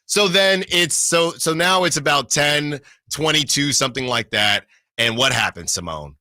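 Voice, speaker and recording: Radio host guy telling a story, bright forceful voice, keeps repeating himself, dry studio sound. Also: fairly high pitch, moderate pace, no echo. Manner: animated storyteller, acts out quotes, repeats himself. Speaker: sports radio fill-in host.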